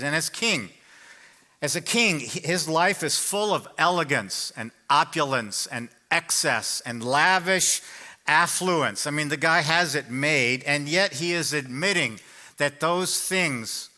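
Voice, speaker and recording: Man, pastor, chatty storytelling sermon; fairly high, very bright and forceful voice. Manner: conversational storytelling, jokes with the congregation. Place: church sanctuary.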